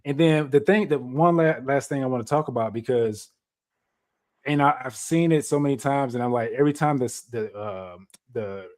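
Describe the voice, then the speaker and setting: A man of middle pitch co-hosts a casual sports podcast. He talks through game strategy in long, analytical stretches and presses his point. His voice stays ordinary and plain. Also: darkish tone. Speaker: podcast co-host.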